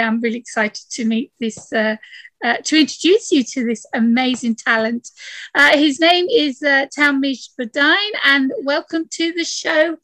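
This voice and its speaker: A woman's voice: high-pitched, sharp tone, no echo. A woman hosting a casual interview podcast, eager and chatty, with many "uh" fillers. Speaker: podcast host.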